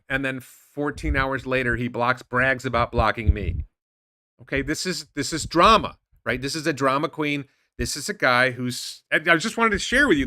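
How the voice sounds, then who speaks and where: Bright-voiced indignant male stock commentator. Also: medium pitch, no echo. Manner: animated, indignant, rambling with restarts. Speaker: stock market show host. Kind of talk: casual commentary reading posts aloud.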